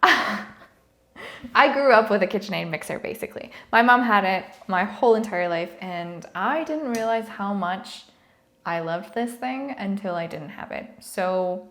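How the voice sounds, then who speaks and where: A woman's voice: medium pitch, expressive, a little slow, a bit bright. A bubbly, chatty young woman talks through a baking vlog in her home kitchen. Her voice carries the echo of the room. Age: young adult. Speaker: baking vlogger. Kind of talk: casual chat.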